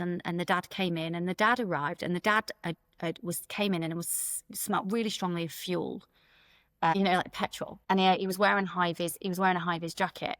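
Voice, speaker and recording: A woman's voice: fairly low pitch, fairly bright tone, no room sound, clean studio sound. A middle-aged woman, a school principal, telling stories in a frank, earnest interview manner and often repeating words. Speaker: school executive principal, podcast guest. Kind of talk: conversational interview storytelling.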